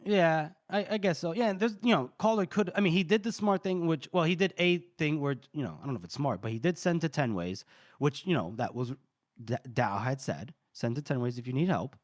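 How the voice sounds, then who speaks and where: A man's voice: a little high, expressive, fairly quick, no echo, studio quality. A man co-hosting a book podcast, casually retelling scenes with lots of "you know" and loose paraphrase. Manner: recaps dialogue loosely, many fillers like "you know". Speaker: podcast co-host.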